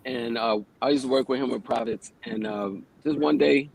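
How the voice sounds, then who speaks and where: A man's voice: mid-range voice, moderate pace, creaky, rough recording. Forties guy chatting casual on a radio show, mid voice, bit of hiss behind. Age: 40s. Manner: conversational, plainspoken, swears casually. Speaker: yoga teacher and guest. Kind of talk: casual radio interview storytelling.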